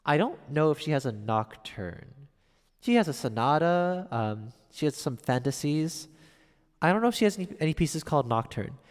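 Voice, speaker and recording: A man with a slightly high voice streams piano and chats casually, reading viewer messages aloud and answering them. The audio carries a long reverb tail.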